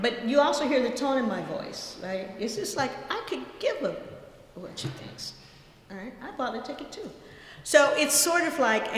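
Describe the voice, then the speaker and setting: A woman giving a conversational academic talk at a colloquium, telling stories with asides. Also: mid-range voice. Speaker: guest lecturer. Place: lecture hall. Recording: echoey lecture hall.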